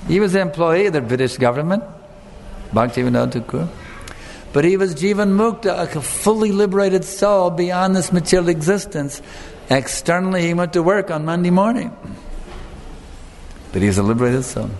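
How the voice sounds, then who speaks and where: In a hall with long reverb, faint room ambience, and slight background noise, a man lectures devotionally as a spiritual teacher, earnest and emphatic, questioning his audience. His high-pitched voice is expressive and a little mellow, at a normal speed.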